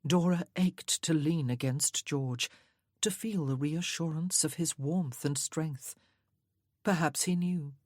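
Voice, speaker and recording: A woman narrates an audiobook in a measured, even way. Her voice sits fairly low with a breathy husk, and the recording is dry and close. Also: no echo.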